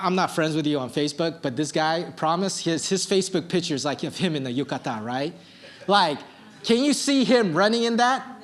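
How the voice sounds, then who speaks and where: A male pastor preaching a sermon, telling a personal story in a casual, animated way with plenty of filler words. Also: high-pitched. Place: church service.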